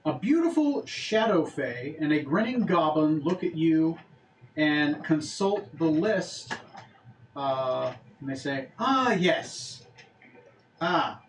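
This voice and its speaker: A man narrating as game master in a casual, halting way, with frequent fillers. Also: on the high side, animated. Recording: echoey room with faint ambient noise.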